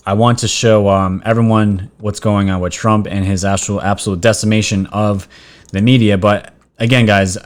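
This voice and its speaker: Man, vlog host, low voice, chatty, excitable, addresses viewers directly, casual commentary.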